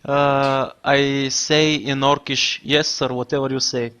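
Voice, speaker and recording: Player: man, joking and halting in character, casual table talk. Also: mid-range voice, flat delivery, a bit bright, clean tone. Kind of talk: playing a tabletop game.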